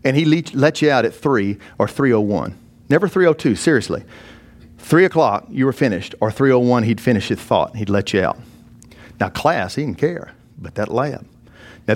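A man preaching, telling a personal testimony with animated, self-mocking storytelling and many restarts. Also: mid-range voice. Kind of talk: sermon storytelling.

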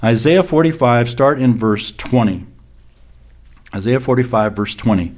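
A man's voice: mid-range voice, darkish tone. Man preaching a verse-by-verse sermon. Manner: reads scripture aloud slowly and emphatically, repeats phrases. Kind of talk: expository sermon.

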